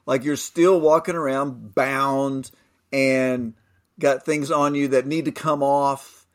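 A man co-hosting a Bible discussion podcast, thoughtful and halting, reading scripture aloud. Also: mid-range voice, fairly even intonation. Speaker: podcast co-host.

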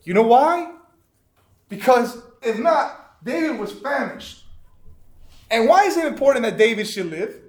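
A man's voice: very high-pitched, lively intonation, unhurried, long pauses. A man teaching an interactive Bible lesson, asking the class questions and repeating their answers.

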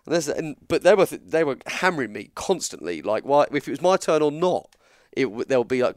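An English man spins a story in a relaxed chat, his voice swinging widely up and down as he acts out what others said. The sound is close and dry, with little room around it. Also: on the high side, brisk, few pauses, no echo. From England. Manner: animated, acts out dialogue in quotes. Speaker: guest storyteller.

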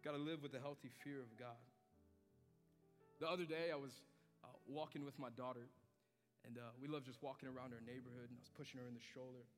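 A male pastor preaching a sermon, swinging from hushed, low passages to loud, emphatic climaxes. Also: fairly even intonation, fairly quick. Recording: hall reverb with soft music beneath.

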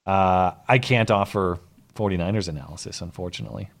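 A young man co-hosts a live call-in show, his slightly low voice hoarse and fading. He rambles casually, restarts his sentences, and pokes fun at himself as he goes. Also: steady tone, fairly quick. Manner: rambling, self-deprecating, many restarts. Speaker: podcast co-host.

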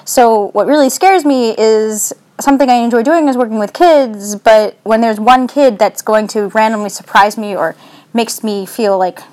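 Speaking at a moderate pace in a slightly mellow mid-range voice, a young adult vlogger rambles anxiously into their phone. The tone is casual and self-deprecating.

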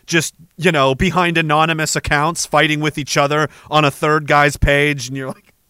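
A man's voice: a little high, level tone, normal speed, pushed and bright, clean tone, no echo, clean studio sound. A man from Canada rambling through a sarcastic, profane comedic rant, laughing between his thoughts. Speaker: vlogger.

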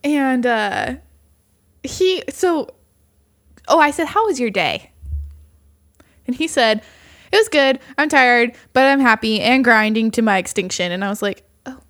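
On the high side and measured, her delivery pauses often. The recording is studio quality without room sound, as a young co-host animatedly recounts dating stories on a podcast, playing both parts and peppering in "like".

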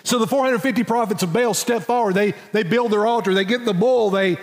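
A man preaching a sermon, telling a story with dramatic pauses and repeated words. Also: high-pitched, big-room sound. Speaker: pastor. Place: church sanctuary.

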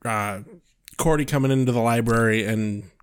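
Man, co-host, casual recap chat, matter-of-fact, mid pitch. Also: moderate pace, clean tone. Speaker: podcast co-host.

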